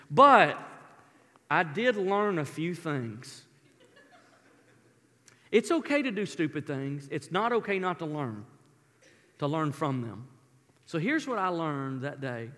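High-voiced pastor in a reverberant hall. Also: male voice. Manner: animated storyteller, folksy asides. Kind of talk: sermon with personal storytelling. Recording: long reverb of a large hall.

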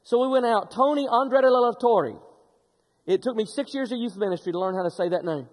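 A middle-aged man preaching a sermon, telling stories in an animated way with frequent restarts. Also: very high-pitched, brisk, long reverb tail. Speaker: pastor.

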